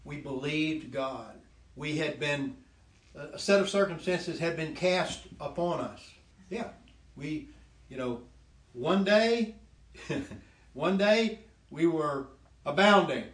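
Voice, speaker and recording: A man casually telling the story of his faith testimony, animated and laughing often, dropping lower when he quotes God. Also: takes it slowly, pauses often, roomy sound. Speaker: guest sharing his testimony.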